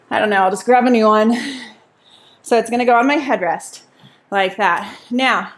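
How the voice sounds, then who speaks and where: A woman Pilates instructor leading a workout class while exercising along, out of breath at times, counting reps and cheering. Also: a little high.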